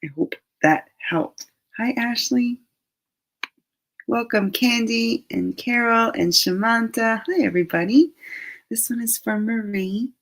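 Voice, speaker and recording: A woman hosting a live angel card reading, chatty and gently reassuring, sometimes dropping into soft asides. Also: fairly low pitch, a little slow, a little hiss or hum, rough recording.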